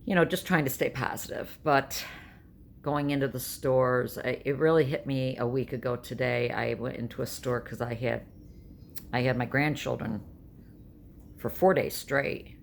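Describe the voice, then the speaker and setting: A woman's voice: a bass voice, moderate pace, creaky, a little hiss or hum. A woman, telling stories in a blunt, chatty home vlog. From New York State. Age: 60s. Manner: chatty storyteller, blunt and emphatic. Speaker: vlogger. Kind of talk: casual vlog monologue.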